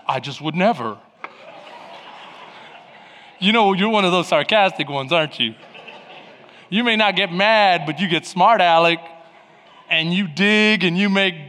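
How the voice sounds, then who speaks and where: A man preaching a sermon, telling stories animatedly with bursts of shouting. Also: sits high, in a large hall. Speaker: pastor.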